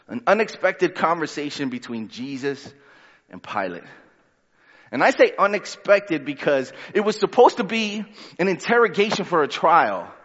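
A man's voice: medium pitch, a bit bright. A man preaching a sermon as pastor, reading scripture and then retelling it in casual, conversational words. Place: church sanctuary. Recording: dull sound with long hall reverb.

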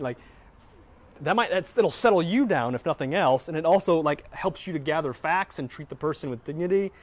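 Middle-aged male Bible teacher, earnest, slightly high voice, repeats words. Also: lively intonation, fairly quick. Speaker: Christian teacher. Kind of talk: teaching talk on faith.

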